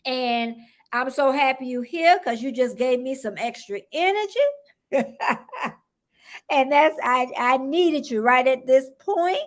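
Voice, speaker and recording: A woman's voice: high-pitched, a little slow. A woman from the United States hosting a casual live stream, rambling chattily, greeting viewers by name and laughing often. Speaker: livestream host.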